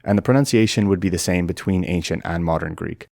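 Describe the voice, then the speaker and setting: A man with a low, deep voice narrates an educational explainer. He talks in a clear, methodical way. The sound is close and dry. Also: fast, darkish tone, dry recording. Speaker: language explainer.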